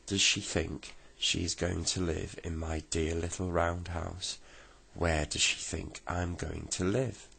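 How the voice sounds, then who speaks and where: Man voicing indignant storybook creature, low, gravelly, slow. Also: fairly even intonation, pushed and bright, exaggerated voice. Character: indignant moon-faced male fairy-tale creature.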